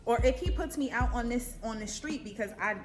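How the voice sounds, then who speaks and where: A young woman vlogger telling a casual storytime, animated, swearing and acting out her own panicked quotes. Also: a little high, a little fast, music in the background.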